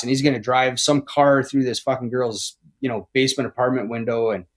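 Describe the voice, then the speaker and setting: A man in his forties, a podcast guest telling his recovery story candidly, swearing a lot, tagging lines with "right?" and "man" and restarting often. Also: medium pitch. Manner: rambling with frequent restarts.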